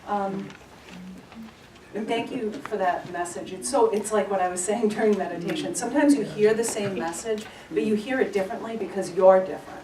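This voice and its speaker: A woman's voice: medium pitch, fairly quick, mellow. A woman leading a spiritual gathering, giving announcements and telling a heartfelt personal story with earnest feeling. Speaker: service leader giving announcements. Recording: echoey room, from far off, faint noise.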